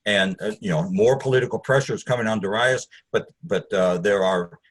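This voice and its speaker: Man, bible teacher, husky voice, low pitch, conversational, digressive. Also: brisk. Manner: conversational, digressive, with asides to the audience.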